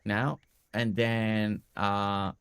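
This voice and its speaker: A man's voice: on the low side, flat delivery, extremely slow, fairly bright tone, smooth, dry recording. A man casually talking viewers through his building ideas on a live game stream, rambling with many fillers and restarts.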